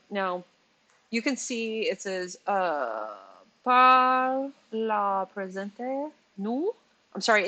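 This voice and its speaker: A woman in her forties talks straight to her viewers in a loose, chatty commentary, with an edge of exasperation. She laughs easily, restarts her words and corrects herself as she goes. Her pitch sits in a middle range for a woman. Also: a bit bright, low-quality recording. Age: 40s. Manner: chatty and exasperated, stumbling over pronunciations; laughs often, self-correcting. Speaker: commentary channel host. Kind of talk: casual commentary vlog.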